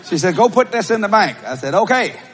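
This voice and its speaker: A man preaching a sermon and telling a story, with shouted bursts and laughing asides. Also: sits high, big pitch swings, a little fast. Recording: live audience, faint crowd noise.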